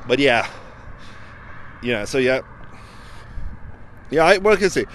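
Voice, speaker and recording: Beside a road with traffic going by, a man reviews a film in a casual, meandering way, restarting often and leaning on filler words. His mid-range voice moves slowly but swings widely in pitch, and there's noise in the background.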